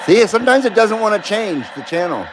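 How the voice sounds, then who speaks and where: Brief: high-voiced male radio hobbyist, slow and animated delivery, blunt and profane, static hiss underneath. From Nevada, USA. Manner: blunt, swears freely, laughs often. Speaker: CB radio operator and live streamer. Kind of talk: live radio listening stream.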